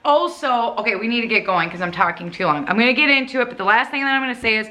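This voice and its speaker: Bright-voiced, chatty Minnesotan woman. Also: a little high, expressive, fast talker. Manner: rambling, self-correcting, eager. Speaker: cleaning vlog host. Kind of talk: chatty video intro to camera.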